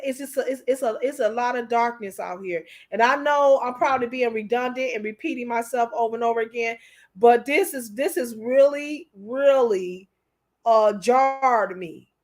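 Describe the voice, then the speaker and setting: Emotional, preachy high-voiced woman. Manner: preachy, repeats herself, calls listeners honey. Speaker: commentator. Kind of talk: emotional commentary.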